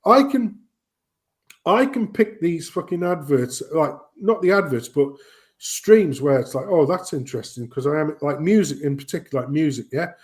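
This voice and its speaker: A man's voice: a little high, expressive, normal speed, a little mellow. A man hosting a casual live chat, ranting and swearing. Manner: swearing, ranting, mimics voices. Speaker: host.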